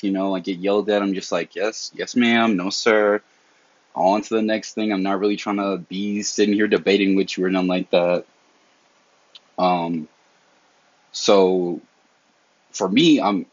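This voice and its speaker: A young man with a Southern accent, from the American South, hosts a casual solo podcast, speaking candidly and earnestly with plenty of slang. His voice is deep, and the recording sounds dull, lo-fi and dry with no echo.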